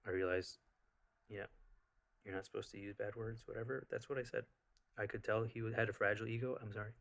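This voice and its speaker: A man with a somewhat low voice tells a personal story straight to camera. He rambles and restarts, packs his talk with fillers, and turns animated as he goes. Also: fast, gravelly. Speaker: vlogger.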